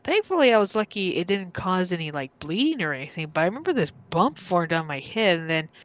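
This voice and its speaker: A woman's voice: fairly low pitch, big pitch swings, fairly quick. A woman guest on a podcast, casually telling a personal story and often stopping to restart or repeat her words.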